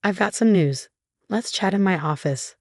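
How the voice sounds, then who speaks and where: A woman voicing a brisk, businesslike female office boss who is hard to read. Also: medium pitch, darkish tone, no room sound, clean studio sound, lightly acted.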